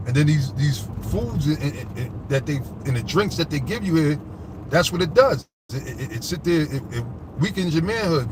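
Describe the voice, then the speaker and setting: A fiery preacher with a fairly high voice rails outdoors, with faint traffic behind him. He drags out scripture word by word, then climbs higher and louder as his anger builds, swearing and checking in with "all right?". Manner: fervent, profane, rambling, keeps asking "all right?"; reads scripture slowly, then rises in pitch when agitated. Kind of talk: fiery street-style scripture commentary.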